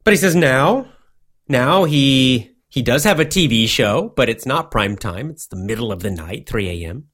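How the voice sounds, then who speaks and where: A man giving a motivational English lesson, speaking slowly in simple words and repeating himself often. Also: medium pitch, animated, a bit bright. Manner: slow, simple wording with many repetitions. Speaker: English teacher.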